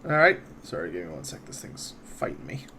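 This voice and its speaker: A man narrating a tabletop game as game master, relaxed, with frequent fillers. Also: low-pitched, brisk, creaky, slight background noise.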